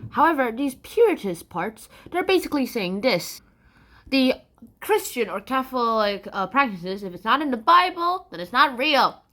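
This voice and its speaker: A woman with a slightly high voice and moderate pace gives a playful, casual history lesson. She's animated and jokey, throwing in sound effects as she explains.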